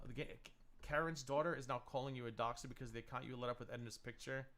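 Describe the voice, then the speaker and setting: A man's voice: medium pitch, fairly even intonation, a little fast, a bit bright, a little hiss or hum. A man hosting a livestream panel, ranting angrily and swearing a lot. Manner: angry profane ranting.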